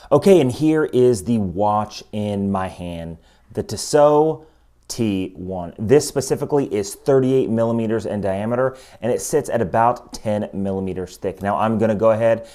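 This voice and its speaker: A man with a fairly low voice reviews a watch in a relaxed, chatty way. He explains each feature step by step, with eager enthusiasm. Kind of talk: casual product review.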